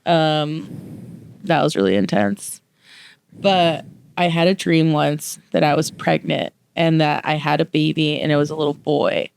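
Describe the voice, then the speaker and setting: A young woman co-hosting a podcast, telling stories in casual chat, animated and swearing freely. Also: deep voice, a little slow, gravelly, clear, resonant tone. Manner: animated storyteller, swears freely, acts out quotes. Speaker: podcast co-host.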